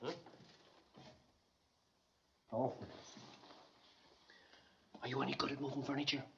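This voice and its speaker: A man's voice: mid-range voice, level tone, slow pace, gravelly, bright, forceful tone, slight background noise, full character voice. An actor playing a breezy, wisecracking young man with a jaunty, teasing delivery, on a muffled old film soundtrack. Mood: joking.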